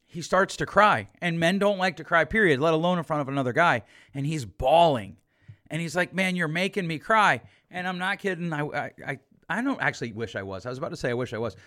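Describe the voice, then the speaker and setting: A man's voice: a little high, animated, quick pace, fairly bright tone. A man, a therapist, talking through a podcast monologue with emphasis and repeated points.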